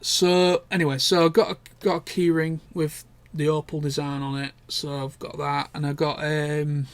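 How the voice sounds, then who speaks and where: A man's voice: a little high, level tone, moderate pace, smooth, no echo. A young man, chatting casually and candidly in a rambling vlog catch-up, with the odd swear word. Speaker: vlogger. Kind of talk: casual chat.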